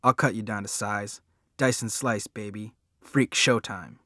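Un hombre haciendo de matón cruel y arrogante. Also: male voice, on the low side, fairly even intonation, pushed and bright, no echo, clean studio sound. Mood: menacing. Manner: slow, drawn-out menacing taunts. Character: cruel, swaggering teenage gang bully. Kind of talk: audiobook character voice.

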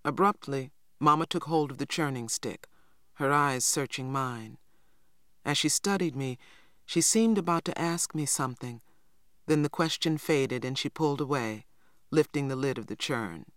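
Measured audiobook narrator, dry close sound. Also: medium pitch, a bit bright, dry recording. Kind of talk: first-person novel narration.

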